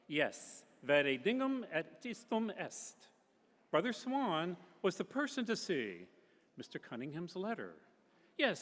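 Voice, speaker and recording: A man doing an expressive reading aloud in a reverberant space. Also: on the high side. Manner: expressive, characterful reading with shifting voices. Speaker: public reader at a literary festival.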